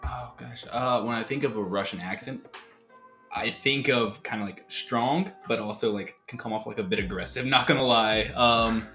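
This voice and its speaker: A man's voice: mid-range voice, normal speed, bright, forceful tone, reverberant, faint music behind. An American man, a guest, chatting casually with lots of filler words. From USA. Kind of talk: casual chat.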